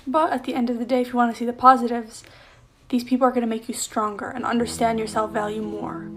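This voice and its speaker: A woman giving calm, earnest motivational advice to the camera. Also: on the high side, quick pace. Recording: music playing behind the voice.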